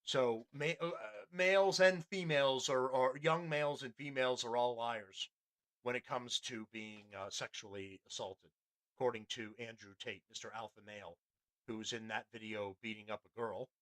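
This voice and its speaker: A male podcast host talks in a loose, rambling way, full of restarts and blunt profanity. His voice has a bright, forward edge. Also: medium pitch, fairly even intonation, normal speed. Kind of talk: casual commentary on a news clip.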